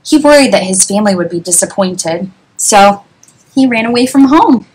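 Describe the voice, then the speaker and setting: A woman reading a children's picture book aloud, animated, with lots of exclamations. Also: medium pitch, moderate pace, husky, poor audio. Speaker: children's story reader.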